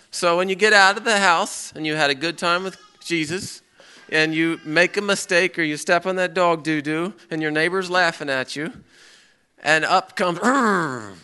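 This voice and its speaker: A man's voice: fairly high pitch, normal speed, clean tone. A middle-aged man preaching a sermon, acting out people's outbursts and prayers as he speaks. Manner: animated, acts out quoted people and prayers.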